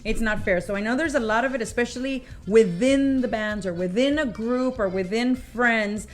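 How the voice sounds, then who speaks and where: A woman's voice: fairly high pitch, moderate pace, faint music behind. A woman co-hosting a casual talk show, reacting with short interjections and mixing in Spanish. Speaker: co-host.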